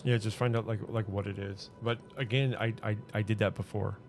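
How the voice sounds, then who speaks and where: A gaming streamer chats casually as he plays, rambling and hesitant, full of fillers and restarts. His voice is fairly low and level, his pace fairly quick, and music plays underneath.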